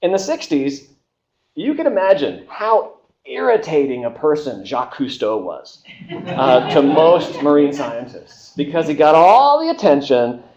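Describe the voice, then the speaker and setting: A man's voice: on the high side, measured pace. A man giving a university history seminar, speaking with lots of "uh" fillers and restarts and briefly acting out the people he quotes. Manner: animated, acts out quoted voices, many filler uhs and restarts. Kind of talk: university lecture.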